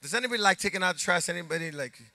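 An older man preaching a sermon as pastor, animated, with call-and-response to his congregation. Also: high voice, racing. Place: church sanctuary.

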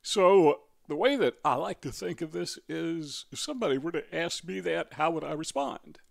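Speaking at normal speed in a fairly high, gravelly voice, an older man with a Midwestern American accent vlogs a casual talking-head monologue. He meanders as he talks, peppering it with fillers and correcting himself along the way.

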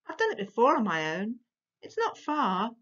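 A woman's voice: a little high, huge pitch swings, moderate pace, fairly bright tone, voice pushed up, exaggerated voice. A woman voicing a determined, stubborn young girl in a storybook reading, speaking in an earnest, insistent, matter-of-fact way. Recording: dull lo-fi recording.

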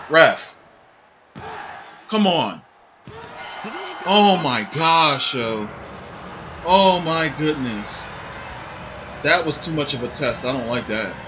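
A young man giving casual gameplay commentary, cursing and shouting at the game as he plays. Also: medium pitch. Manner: loud, swearing outbursts at the game. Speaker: gaming channel host. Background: game music.

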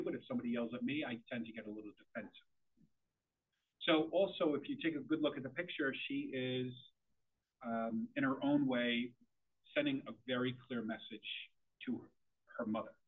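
A man speaks to a room of parents in a conversational style, restarting his sentences with repeated words. His voice is a little husky and sits at an ordinary pitch. The sound is thin and tinny, like a phone line. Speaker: parent forum presenter. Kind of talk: presentation to parents.

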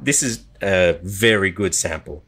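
A man working as a linguist and language coach, quickly and animatedly demonstrating sounds while teaching pronunciation on a podcast. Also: low voice, expressive, fairly bright tone, slight background noise.

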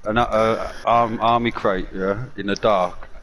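A man's voice: lowish voice, steady tone, takes it slowly, very noisy. A man chatting with friends while gaming, telling stories in a rambling, swearing way. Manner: rambling, swears, hesitant restarts. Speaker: gamer. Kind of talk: casual gaming chat.

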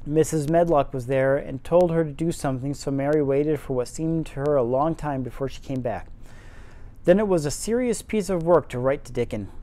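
Tipsy amateur narrator, mellow voice, deadpan swearing asides. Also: mid-range voice, normal speed. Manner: wry, profane asides. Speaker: audiobook reader. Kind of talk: casual amateur reading aloud with asides.

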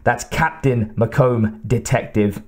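A man's voice: mid-range voice, normal speed, darkish tone, natural voice. A man voicing a blustering, furious police captain who bellows and growls his orders, in an audiobook reading.

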